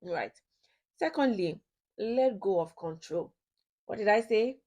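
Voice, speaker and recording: A woman's voice: mid-range voice, animated, slow pace, pauses often, darkish tone. A woman giving a ministry teaching on marriage, who repeats her key points and puts questions to her listeners. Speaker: ministry speaker.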